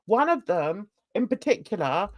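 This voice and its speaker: A chatty older Englishwoman hosting a relaxed talk, opinionated and given to rambling tangents. Her pitch sits in an ordinary middle range. The sound is close and dry. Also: normal speed, no room sound. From London. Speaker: host. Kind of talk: casual chat.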